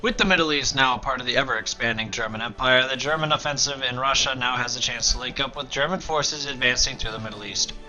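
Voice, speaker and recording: Chatty bright-voiced gaming host. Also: male voice, medium pitch, fast, hardly any pauses, soft background music, low-quality recording. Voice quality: chatty, rambling, drops into quiet asides. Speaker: let's play host. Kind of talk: casual gameplay commentary.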